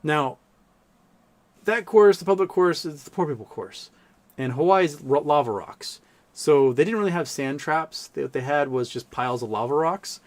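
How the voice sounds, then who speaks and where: A man's voice: fairly high pitch, lively intonation, normal speed. A man in his thirties hosting a livestream, telling rambling stories in a casual chat with lots of fillers. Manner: rambling storytelling with many fillers. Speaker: livestream host.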